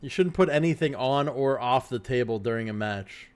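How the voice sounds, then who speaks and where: A man's voice: mid-range voice, normal speed, clear, resonant tone. A man hosting a casual chat, playful, with a morning voice, now and then slipping into silly singing or an announcer voice. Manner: playful, breaks into silly sung lines and announcer voice. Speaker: host.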